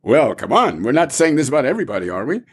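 A man's voice: mid-range voice, sing-song, quick pace, breathy edge. A man teaching a Talmud class, explaining animatedly and asking rhetorical questions, with Hebrew terms mixed in.

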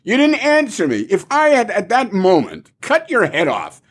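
A haughty official barks insults in a sharply raised, swooping voice, as a man puts him on. He sounds contemptuous and demanding, with a husky edge. The voice belongs to a lecture's dramatized story. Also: high-pitched, huge pitch swings, normal speed, voice pushed up, full character voice. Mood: scornful. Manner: scornful, yelling insults. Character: arrogant angry male government official.

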